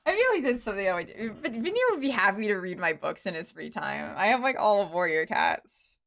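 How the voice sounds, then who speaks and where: A woman's voice: medium pitch, big pitch swings, fairly quick, gravelly, a bit bright. Rambling young woman streaming a game. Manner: rambling, with many fillers and restarts. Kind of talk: casual live-stream chatter while playing.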